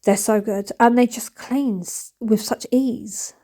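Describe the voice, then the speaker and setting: This cleaning vlogger, a woman in her thirties, narrates her housework in a loose, chatty voice-over, wandering off topic, speaking plainly and joking at her own expense. She has a fairly high but dark-toned voice, steady and unhurried.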